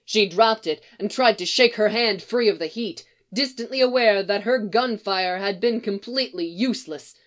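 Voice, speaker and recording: A woman reading fiction aloud in a steady, expressive storytelling manner. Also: mid-range voice, normal speed, few pauses. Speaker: reader.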